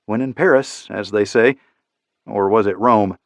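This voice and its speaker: A man reading an audiobook in steady, measured scripted narration. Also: lowish voice, creaky, no echo, dull audio.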